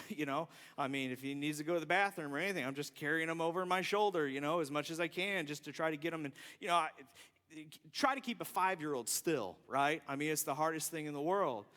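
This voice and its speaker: A man telling a personal story in a sermon, self-deprecating and animated. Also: a little high. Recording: long reverb from a large hall.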